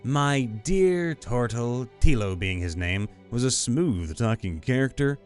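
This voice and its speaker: A man narrating viewer stories in a scripted voice-over, reading lively and sometimes slipping into put-on voices. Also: mid-range voice, takes it slowly, hardly any pauses, clean tone. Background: faint background music.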